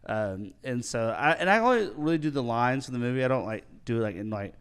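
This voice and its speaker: A young man hosting a casual podcast, telling stories with lively acted-out quotes. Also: medium pitch, brisk, smooth. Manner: animated storyteller, acts out quotes. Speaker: podcast host.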